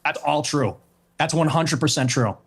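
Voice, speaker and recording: A man's voice: a little high, normal speed, a bit bright, husky. A young man giving blunt, provocative answers as a guest in a debate interview.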